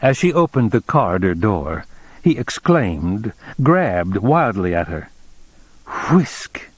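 A man narrating an audiobook in a measured, deliberate reading style. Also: fairly low pitch, very animated, slightly rough, dry recording. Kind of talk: scripted narration.

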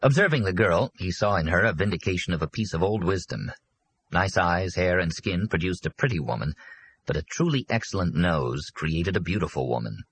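A man narrating an audiobook in a steady, measured storytelling manner. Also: low-pitched, breathy edge, rough recording. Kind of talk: scripted narration.

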